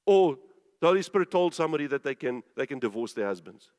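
Emphatic high-voiced preacher in a reverberant hall. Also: male voice, big pitch swings, fast, a little mellow. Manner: emphatic, repeats phrases and asks questions. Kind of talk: sermon.

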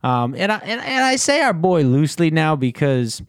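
A man's voice: a little high, moderate pace, smooth, dry recording, studio quality. Laid-back man hosting a sports podcast. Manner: relaxed, rambling, filler-heavy. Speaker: podcast host. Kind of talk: casual sports chat.

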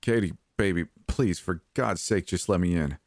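A man's voice: deep voice, normal speed, no echo, studio quality. A man voicing a desperate young man in a storybook horror reading, urgent and pleading.

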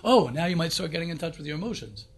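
A man, a rabbi, giving an informal lecture to yeshiva students, animated and repetitive, often restarting his sentences. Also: a little high, rapid-fire, husky. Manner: animated, repeats himself, self-correcting.

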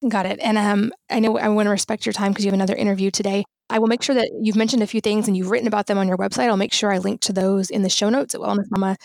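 A woman's voice: medium pitch, fairly even intonation, very fast, creaky, few pauses, darkish tone, no echo, studio quality. A woman hosting a podcast interview, asking friendly follow-up questions. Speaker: podcast host.

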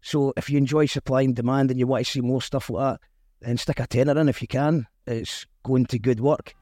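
A man's voice: mid-range voice, fairly even intonation, brisk, dark tone, dry recording, clean studio sound. A Scottish man hosting a casual chat show, interviewing a guest and reading viewer comments aloud. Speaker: podcast host.

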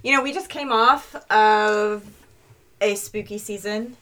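Bubbly woman cohost in her 30s, bright crisp voice, chatty and giggly. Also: medium pitch. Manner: bubbly, quick to laugh, explaining topics. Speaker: podcast co-host. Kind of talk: casual chat.

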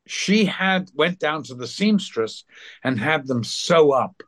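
A man, an actor being interviewed, telling anecdotes in a lively way and acting out the people he quotes. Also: on the high side, takes it slowly. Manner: animated, acts out quotes. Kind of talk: anecdotal storytelling.

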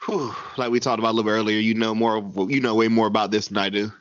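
A man co-hosting a podcast in a loose, animated way, stammering, restarting and swearing as he recaps a show. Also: lowish voice, racing, no echo, lo-fi sound. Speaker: podcast co-host. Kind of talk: casual chat recapping a TV show.

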